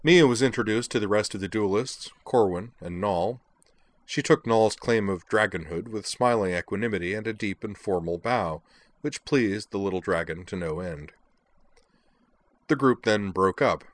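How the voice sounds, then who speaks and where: Male audiobook narrator, very low voice, dry close sound. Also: dry recording. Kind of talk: scripted narration.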